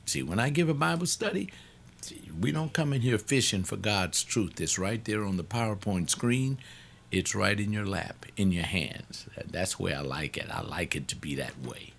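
A man's voice: low voice, moderate pace, vocal fry, a bit bright. A man who leads Bible studies, speaking informally in a blunt, emphatic, rambling way. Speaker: Bible study teacher. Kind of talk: informal teaching talk.

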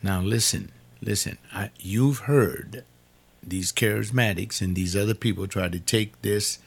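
A man's voice: fairly low pitch, measured pace, vocal fry, breathy edge. An older man giving an informal sermon-style talk, repeating words for emphasis. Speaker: preacher.

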